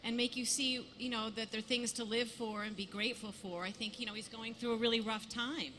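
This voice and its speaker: Playful woman with a bright voice. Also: fairly high pitch, steady tone, fairly quick, slight background noise. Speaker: panelist, actor. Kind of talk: casual panel talk. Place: convention panel stage. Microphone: handheld mic.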